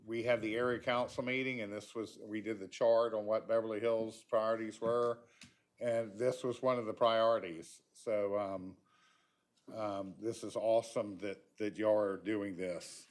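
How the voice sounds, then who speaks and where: A man giving a folksy, chatty public comment at a county meeting, with frequent ums. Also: lowish voice.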